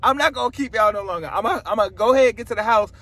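Excitable man vlogging from his car. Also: high voice, racing, dry recording. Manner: excited, repetitive, keeps teasing an announcement. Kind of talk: casual vlog to camera. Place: inside a car. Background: faint car noise.

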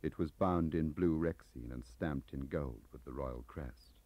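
A middle-aged man reading his novel aloud in a measured, expressive way. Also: very deep voice, slightly rough, dry recording. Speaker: author narrating. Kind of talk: audiobook reading. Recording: muffled tape audio.

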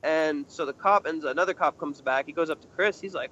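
A man's voice: fairly high pitch, fairly quick, hardly any pauses. A young man, a guest in an interview, casually telling a story and acting out what others said. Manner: animated, acts out other people's lines in a raised voice. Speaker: interview guest, urban explorer. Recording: slightly muffled with faint noise.

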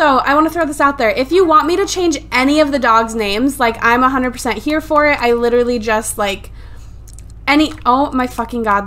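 A woman's voice: sits high, a bit bright. A woman giving casual, swear-heavy commentary over her life-simulation gameplay. She sounds exasperated and laughs often, recorded at home on a desktop USB microphone. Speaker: let's play gamer.

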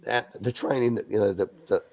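A man's voice: on the low side, fairly even intonation, a little fast, a little mellow. An older man, a former youth coach, telling anecdotes as a guest in a live Q&A, restarting sentences as he goes. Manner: chatty, restarts sentences, acts out quotes.

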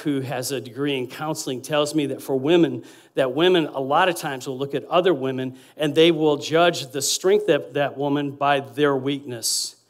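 A man preaching as a guest pastor, lively, acting out quotes and swinging between loud and quiet passages. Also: mid-range voice. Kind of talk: sermon.

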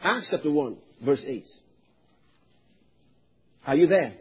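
A man from Nigeria preaching a sermon as pastor, animated, drawing responses from the congregation and rising to loud emphatic shouts. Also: on the high side, slow, slightly rough, dull audio.

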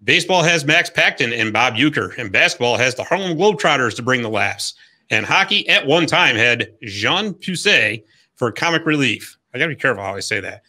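A man's voice: mid-range voice, animated, a little fast, pushed and bright. A man hosting a hockey podcast, reading a scripted history segment in an upbeat, jokey storytelling way. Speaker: podcast host.

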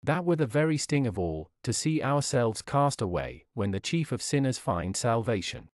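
Male sermon reader, solemn and dramatic, wide-ranging pitch, dry close sound. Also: very animated, normal speed, no echo. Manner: solemn, declamatory, rises and falls dramatically. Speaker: preacher. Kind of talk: reading a sermon aloud.

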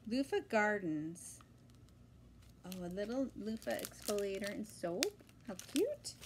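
Lively, chatty woman vlogger. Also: measured pace, noisy background. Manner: chatty, excitable, voice jumps high when thrilled. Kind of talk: casual chat. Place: at home.

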